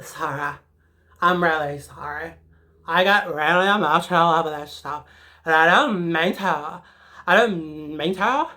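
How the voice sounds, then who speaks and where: Woman playing a dramatic teen schoolgirl, rambly, filler-heavy, slow deliberate delivery, forceful bright tone. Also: sits low. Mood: reflective. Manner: rambling, peppered with "like", emotional. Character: sassy, dramatic teenage schoolgirl. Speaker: comedic character. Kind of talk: comedic character monologue.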